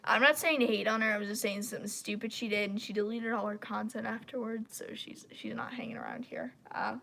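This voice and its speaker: A woman with a slightly high voice rants bluntly on a live stream. She rambles from point to point and airs her opinions without holding back. Her voice sounds congested, as if her throat is clogged. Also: steady tone, fairly quick, vocal fry, fairly bright tone, slight background noise. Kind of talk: casual live-stream rant.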